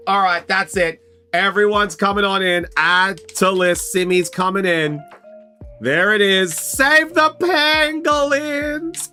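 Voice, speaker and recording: A young Australian man hosting a casual live stream, chatty and excitable, calling viewers mate and bro and breaking into loud, high exclamations. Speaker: live stream host opening trading card packs.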